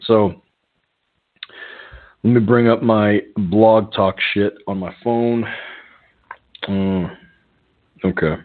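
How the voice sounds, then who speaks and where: A middle-aged man hosts a call-in show and tells his stories in a loose, rambling way, swearing freely and filling gaps with ums and uhs. His voice sits a little low. It comes through a phone, so it sounds thin and tinny. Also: steady tone, very slow, long pauses. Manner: rambling, profane, with chuckles and filler words. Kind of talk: casual storytelling chat.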